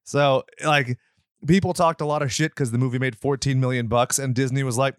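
A man's voice: mid-range voice, steady tone, a little fast, dry recording, studio quality. A man hosting a podcast, chatting casually in a joking, sarcastic way. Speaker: podcast host. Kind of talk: casual chat.

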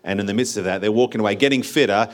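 A man's voice: on the low side, racing. A man leading a church meeting, encouraging speakers and thinking aloud as he talks. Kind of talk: sermon-like encouragement.

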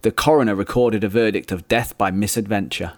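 A man's voice: lowish voice, a little fast. A man co-hosting a comedy podcast, reading out a news story and often cracking up at it. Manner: reads aloud and breaks into giggles, exasperated.

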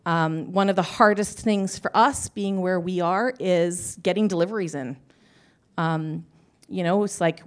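Chatty woman with a low voice. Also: a little slow. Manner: laughing, self-deprecating, chatty. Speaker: panelist, business owner. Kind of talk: live panel talk.

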